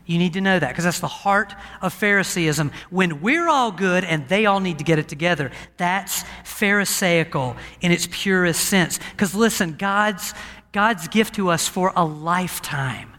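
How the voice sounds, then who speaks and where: A man preaching as pastor, telling a personal story in a conversational, animated way to a church. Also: high-pitched, moderate pace. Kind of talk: sermon. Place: church sanctuary with a balcony. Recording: church hall reverb.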